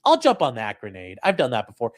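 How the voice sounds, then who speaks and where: A man's voice: mid-range voice, wildly swooping pitch, quick pace, no room sound, clean studio sound. A man hosting a legal commentary stream, reading court records aloud to his chat and ranting about them with profane sarcasm. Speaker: host and lawyer commenting on a court case.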